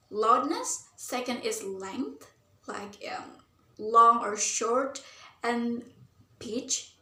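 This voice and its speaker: A woman's voice: a little high, bright, forceful tone. A young woman, a university student, gives an explanatory class presentation, earnest and thinking aloud with frequent fillers like "like" and "um". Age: young adult. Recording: roomy echo.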